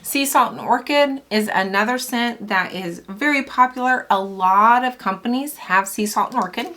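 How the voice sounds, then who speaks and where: Chatty middle-aged woman vlogger, bright forceful tone, enthusiastic and rambling. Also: mid-range voice. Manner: chatty and enthusiastic, with laughs and asides. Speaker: small business owner reviewing fragrance oils. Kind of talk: casual product vlog.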